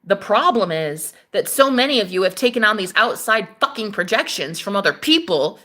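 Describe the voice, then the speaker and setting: Fiery, bright-voiced woman ranting on a livestream. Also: medium pitch, sing-song, moderate pace. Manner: fiery, profane, preachy rant. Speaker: spiritual livestream host.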